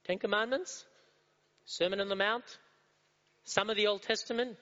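A male preacher delivers a sermon, throwing rhetorical questions out to the congregation and driving his points home through repetition. His voice sits high for a man. The recording is dull and muffled, with a long reverb trailing off in a hall. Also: steady tone, normal speed, pushed and bright.

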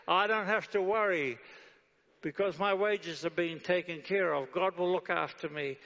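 Gravelly preacher in a hall. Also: male voice, fairly high pitch, measured pace, a bit bright. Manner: rhetorical questions answered with a firm no; leads the congregation in reading prayer aloud. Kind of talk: sermon. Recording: dull sound with long hall reverb.

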